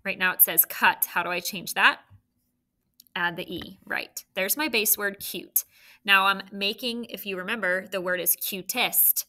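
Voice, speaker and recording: A woman's voice: mid-range voice, a little slow, sharp tone. A woman teaching a phonics lesson, patiently prompting the children and praising their answers.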